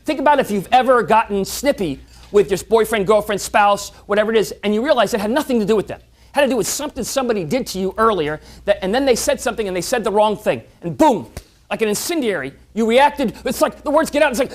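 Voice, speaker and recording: Animated motivational speaker telling stories. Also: mid-range voice, quick pace. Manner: animated, repeats words when restarting. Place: club meeting.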